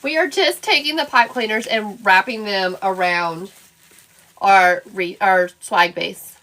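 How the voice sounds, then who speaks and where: A woman's voice: medium pitch, measured pace, pushed and bright. A woman hosting a live crafting stream, chatting playfully and bantering with viewers in the chat while she works. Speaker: craft livestream host.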